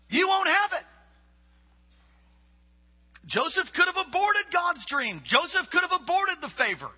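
A man preaching a sermon, reading scripture and building to loud shouted points. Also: very high-pitched. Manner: preaching with rising shouts and acted-out quotes. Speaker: pastor. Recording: echoey hall, dull lo-fi sound.

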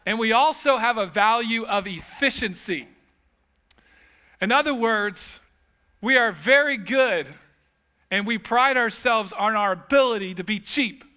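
A man's voice: high-pitched, measured pace, pushed and bright, clear, resonant tone. A man preaching a sermon as pastor, telling humorous stories with casual asides.

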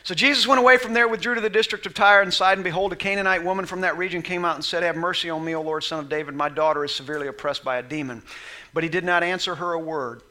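A man delivering a sermon in a high, sharply bright voice. He reads scripture slowly and quietly. He then acts out the scenes, rising to loud, shouted passages. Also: fairly even intonation. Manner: acts out Bible scenes in voices, swings from soft reading to shouting. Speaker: pastor.

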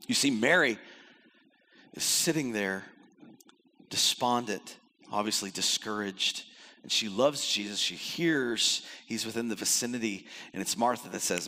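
A man preaching a sermon in an animated way, acting out the voices he quotes and swinging between loud and soft. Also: mid-range voice, normal speed. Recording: long hall reverb.

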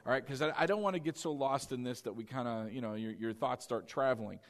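A middle-aged man preaching a sermon as pastor, animated, asking the congregation rhetorical questions and acting out quoted lines. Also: medium pitch, quick pace.

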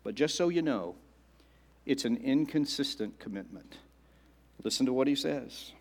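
A male pastor delivering a sermon, repeating phrases and slowing down for emphasis. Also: mid-range voice, animated. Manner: repetitive and dramatic, slowing down for emphasis.

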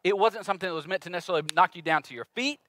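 Bright, lively-voiced male pastor preaching. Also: high voice, racing, slight background noise. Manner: animated, conversational preaching with playful acted-out voices. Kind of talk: sermon.

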